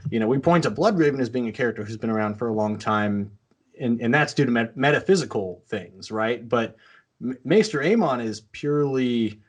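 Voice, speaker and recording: A man's voice: medium pitch, lively intonation. Rambling podcast co-host man. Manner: rambling, halting restarts, quick to laugh. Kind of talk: casual chat.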